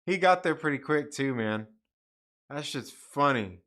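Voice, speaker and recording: An excitable man hosting a casual live-stream chat, reacting loudly and saying "dude" a lot. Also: mid-range voice, a little slow. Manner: excitable, peppers speech with "dude". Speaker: live show host.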